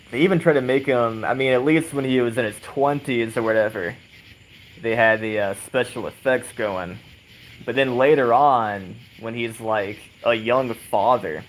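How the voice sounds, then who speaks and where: A man's voice: mid-range voice, a little hiss or hum, poor audio. A man casually chatting with viewers of his stream, rambling, swearing a lot and chuckling often, while rocking on a swing on an outdoor porch. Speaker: livestream host.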